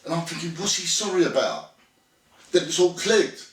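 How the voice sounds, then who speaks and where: A man, a former bouncer, telling a rough story bluntly, acting out what was said and swearing freely. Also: on the high side, big pitch swings, normal speed, distant mic. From Britain. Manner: blunt, swearing, acts out quoted dialogue. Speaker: former bouncer, interview guest. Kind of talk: storytelling anecdote. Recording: echoey room, voice a bit off-mic.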